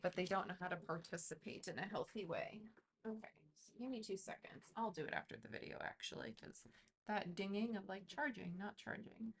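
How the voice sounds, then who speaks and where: A woman's voice: mid-range voice, fairly bright tone. A woman giving a casual tarot reading, chatty and intuitive, thinking aloud with lots of fillers. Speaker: tarot reader.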